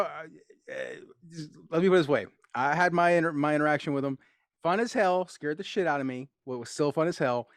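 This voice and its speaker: A man hosting a casual interview, an excitable storyteller who acts out quotes and laughs often. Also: fairly high pitch, smooth, dry recording, studio quality.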